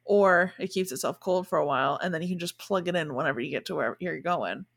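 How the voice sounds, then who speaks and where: A woman's voice: low-pitched, fast, gravelly, a bit bright. A young woman co-hosting a podcast, chatting casually and filling her talk with "like". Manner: chatty, lots of "like" fillers. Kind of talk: casual chat.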